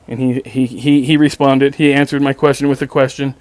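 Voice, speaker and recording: Brief: male host, middle pitch, dry close mic, sarcastic, profane, stammering restarts. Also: flat delivery, a little fast, few pauses, a little mellow, dry recording. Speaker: podcast host. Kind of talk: casual storytelling monologue.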